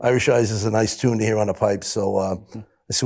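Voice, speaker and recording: A man's voice: fairly low pitch, steady tone, creaky, a little mellow. A middle-aged man, a rescue police officer, earnestly recounting a rescue on a panel and often restarting his sentences. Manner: earnest, halting, with many restarts.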